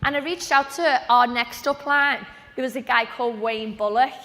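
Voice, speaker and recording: A woman, giving a lively, chatty motivational talk on stage at a business event. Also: fairly high pitch, normal speed, very noisy. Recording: long reverb of a large hall.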